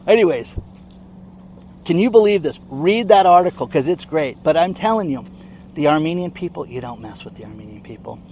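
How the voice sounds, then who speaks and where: A man's voice: on the high side, expressive, a little fast, darkish tone, a little hiss or hum. Indignant man in a news vlog. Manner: indignant, emphatic, keeps asking "okay?". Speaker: online commentator. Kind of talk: casual news commentary vlog.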